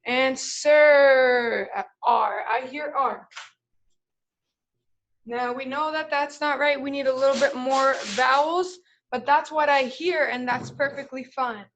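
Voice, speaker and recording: A young woman teaching kindergartners, her voice pitched high. She talks slowly and patiently, stretching words out and spelling them letter by letter as she shows how to write a sentence. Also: fairly bright tone, low-quality recording. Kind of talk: live online lesson, modeling writing.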